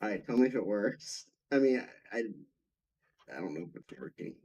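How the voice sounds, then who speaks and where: Man, stream co-host, mellow dark voice, joking, teasing. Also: on the low side, expressive, brisk. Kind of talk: casual livestream chat.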